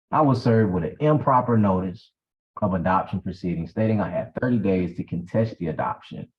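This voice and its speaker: Animated man telling a story. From South Carolina. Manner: animated, emphatic, acts out dialogue with big pitch swings. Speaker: guest. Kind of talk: personal storytelling. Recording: dull lo-fi audio.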